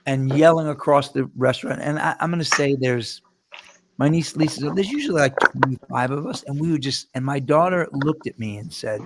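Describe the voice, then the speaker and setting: A man hosting a casual chat show, telling rambling stories with quick laughs and restarts. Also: medium pitch, heavy background noise. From New York. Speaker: host.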